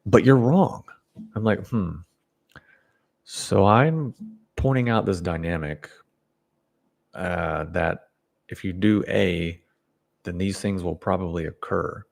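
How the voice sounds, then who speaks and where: A man with a very deep, gravelly voice delivers a casual opinion monologue on self-development. He is blunt and opinionated, wandering through his points with restarts and the odd chuckle. The low fry sits under nearly every phrase. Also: takes it slowly, pauses often, a little mellow.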